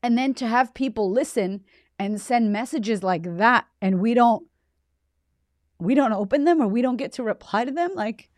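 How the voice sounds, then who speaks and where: A woman's voice: fairly high pitch, moderate pace, no room sound. A woman hosting her own podcast in a heartfelt, casual monologue. She is emotional and close to tears, and swears freely as she gushes her thanks. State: teary, close to crying. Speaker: podcast host.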